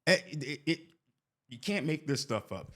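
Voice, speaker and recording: A man's voice: on the high side, lively intonation, measured pace, fairly bright tone. A man in his forties telling a rambling personal story, often tagging lines with "right?". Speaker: vlogger. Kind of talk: casual storytelling.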